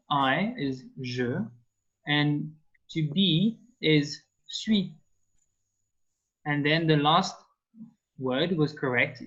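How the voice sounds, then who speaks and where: French-accented male tutor, unhurried, dull call audio. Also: a little high, a bit bright. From France. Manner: patient, slow explanations with many fillers. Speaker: language teacher. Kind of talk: online language lesson.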